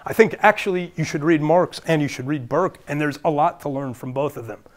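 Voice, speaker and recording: A man's voice: on the high side, brisk. A man with a Brooklyn accent giving a public lecture as a guest speaker, earnest and thinking aloud with fillers and restarts.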